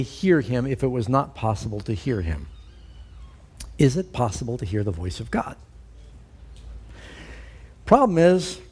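A middle-aged man giving a sermon, telling stories in a relaxed, conversational way with frequent fillers. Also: medium pitch. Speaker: preacher.

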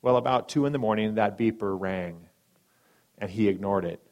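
A man preaching a sermon and telling a story, dramatic, swinging between loud emphatic lines and hushed soft ones, briefly acting out the people in it. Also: on the low side, moderate pace. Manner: acts out quoted speakers in brief voices.

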